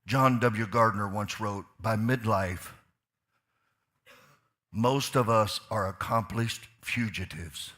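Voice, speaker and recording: Fired-up pastor with a bright voice. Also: male voice, on the low side. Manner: swings from quiet asides to loud, fired-up preaching; asks the crowd questions, repeats lines for emphasis. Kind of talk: sermon. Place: church sanctuary.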